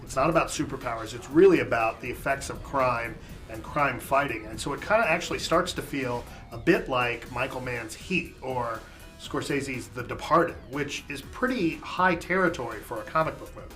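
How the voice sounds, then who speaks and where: Mid-pitched man discussing film reviews. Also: moderate pace, fairly bright tone, faint music behind. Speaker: film review show co-host.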